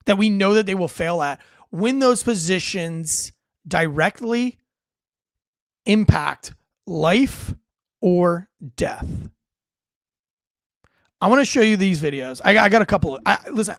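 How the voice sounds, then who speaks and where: A man's voice: high-pitched, no room sound, clean studio sound. A man hosting a livestream, ranting bluntly and profanely with wisecracks and reading out chat comments. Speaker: livestream show host and military veteran.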